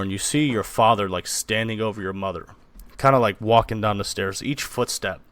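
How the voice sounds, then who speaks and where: A man's voice: lowish voice, fairly bright tone, dry recording. A man narrating a tabletop game as game master, in a loose style full of fillers. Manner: loose, with many fillers like "kinda" and "like".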